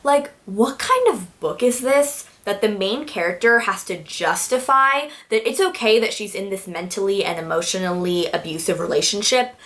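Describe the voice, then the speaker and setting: A woman's voice: medium pitch, normal speed, few pauses, fairly bright tone. Woman book reviewer, casual rant, sarcastic and fed up, swears freely, mid-range voice.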